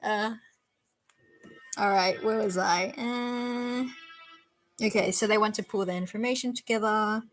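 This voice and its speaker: A woman reads a novel aloud on a stream in a voice of ordinary middle pitch. Between passages she makes chatty, self-mocking asides, and faint music plays in the background. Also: fairly even intonation, measured pace, pauses often, rough recording. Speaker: reader.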